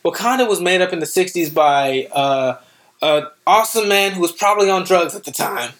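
A young man co-hosting a casual chat, excitable and quick to act out quotes in funny voices. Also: high-pitched.

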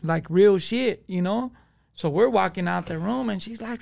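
Gravelly man telling street stories. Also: high voice, normal speed, darkish tone. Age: 20s. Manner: gravelly, profane street slang. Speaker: podcast guest. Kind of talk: casual storytelling.

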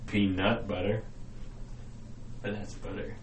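Slow-talking crude man, echoey room. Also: fairly low pitch, little pitch movement, background noise. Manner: stubborn, crude, drawling. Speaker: podcast co-host. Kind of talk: casual podcast banter. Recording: roomy, distant mic with chatter behind.

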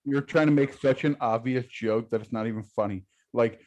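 A man's voice: medium pitch, steady tone, moderate pace, hardly any pauses, darkish tone, dry recording. A man co-hosting a casual sports podcast, blunt and given to swearing and repeating words. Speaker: podcast co-host.

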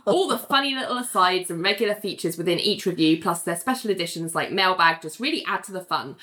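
A woman's voice: lowish voice, expressive, fast talker, sharp tone. A British woman co-hosting a podcast, chatting and reading listener reviews aloud, with frequent fillers and laughs. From Britain. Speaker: podcast co-host.

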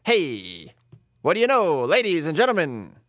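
A man's voice: on the high side, wildly swooping pitch, a little slow, fairly bright tone, dry recording, clean studio sound, heavily acted. A man voicing a brash male vaudeville showman who rattles off jazzy one-liners. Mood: showman schtick.

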